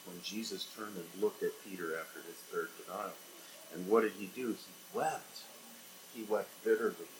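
A man preaching a sermon as a pastor, asking rhetorical questions and swinging between loud emphatic lines and quiet, low ones. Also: slight background noise, low-quality recording. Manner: dynamic preaching with sharp swings in loudness and pitch, rhetorical questions.

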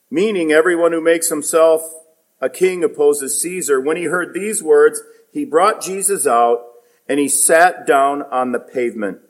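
A male preacher delivers a sermon at a slow, deliberate pace. His voice sits at an ordinary pitch and swings between loud, emphatic peaks and quiet, low stretches as he reads and explains scripture.

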